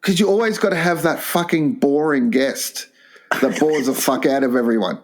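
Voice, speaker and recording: Profane older man telling jokes deadpan. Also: on the high side. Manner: profane, deadpan, slow storytelling delivery. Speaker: podcast co-host. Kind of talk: crude comedy podcast banter.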